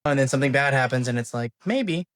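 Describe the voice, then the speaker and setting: A man's voice: medium pitch, little pitch movement, rapid-fire, fairly bright tone, clear, resonant tone, no room sound. A middle-aged man hosting a podcast, talking candidly and a little rambling, with a self-deprecating manner. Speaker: podcast host. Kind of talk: casual interview chat.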